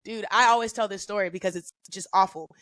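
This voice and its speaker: A woman guest on a podcast, telling stories in a casual, profane and animated way with lots of slang. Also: mid-range voice, fast talker, no echo. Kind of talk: casual storytelling.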